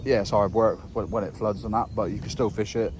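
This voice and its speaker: A man's voice: on the low side, fairly even intonation, a little fast, background noise. A man, talking in a casual, rambling, sweary way while fishing outdoors by a lake. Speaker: carp angler vlogger. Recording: outdoor ambience, passing trains.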